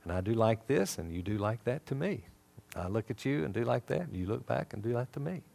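Animated man teaching a Bible lesson. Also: mid-range voice, brisk, creaky. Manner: animated storytelling, acting out dialogue. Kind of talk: sermon-style teaching.

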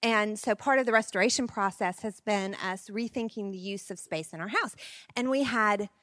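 A woman in her forties telling personal stories at a parenting seminar, expressive and laughing often. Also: medium pitch, normal speed, no room sound, studio quality. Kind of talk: personal storytelling talk.

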